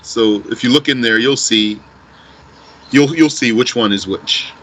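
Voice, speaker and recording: Guy teaching arabic grammar online, bright clear voice, laid back, thinks out loud. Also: medium pitch, a little slow, poor audio. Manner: relaxed, thinks aloud, mixes in Arabic phrases. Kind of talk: live online class answering student questions.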